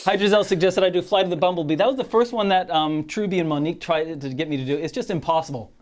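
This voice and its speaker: A high-voiced man with a New Zealand accent, hosting a tabletop game stream. He keeps the banter upbeat and casual, laughing easily between remarks. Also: fast. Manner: upbeat, laughs often, hosts the chat. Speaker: host and game master.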